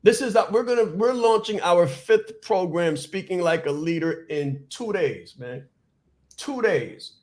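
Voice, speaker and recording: A man hosting a podcast, giving a fast, emphatic motivational talk, repeating his points and stumbling over words without stopping. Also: sits high, expressive, darkish tone. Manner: fast, repetitive, emphatic preaching. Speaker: podcast host and business coach. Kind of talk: motivational speech.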